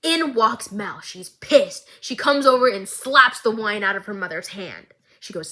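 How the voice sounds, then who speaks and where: Bright-voiced woman doing an animated recap. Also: medium pitch, measured pace, few pauses. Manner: animated, dramatic storytelling. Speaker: recap vlogger. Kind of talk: dramatic casual recap.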